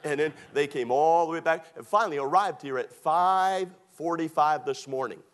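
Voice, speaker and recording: Preacher, man, folksy and funny, slightly high voice, acts out both sides of a conversation. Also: moderate pace. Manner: folksy, humorous, acts out dialogue. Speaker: pastor. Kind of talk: storytelling sermon.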